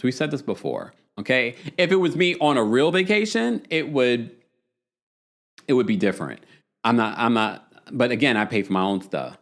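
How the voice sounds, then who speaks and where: Lively chatty man recapping. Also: medium pitch, brisk. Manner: chatty, laughs often, acts out quotes in raised voices. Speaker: podcast host. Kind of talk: casual recap commentary on a live stream.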